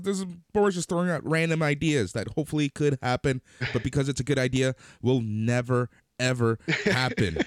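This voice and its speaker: A man's voice: a little fast, hardly any pauses, no room sound, studio quality. A man co-hosting a wrestling talk show, chatting casually and teasing his partner with ideas. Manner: lively, teasing, pitches ideas. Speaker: wrestling podcast co-host. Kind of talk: casual chat.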